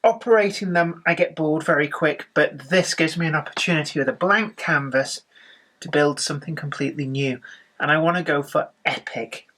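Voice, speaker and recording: A woman's voice: sits low, moderate pace, fairly bright tone. A woman chatting eagerly in a casual vlog, explaining the game and her hobby plans. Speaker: co-host and opponent. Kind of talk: casual chat.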